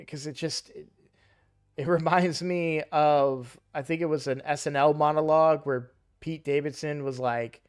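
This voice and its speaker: A young man casually commenting on a mobile game he plays, rambling and correcting himself, louder and livelier when excited. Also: mid-range voice, clean tone. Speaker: gaming YouTuber.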